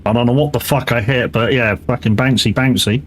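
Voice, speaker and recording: A man's voice: mid-range voice, steady tone, fairly quick, a little hiss or hum. Chatty man streaming a truck game. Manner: chatty, swears freely, laughs often. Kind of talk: casual live-stream chat while driving.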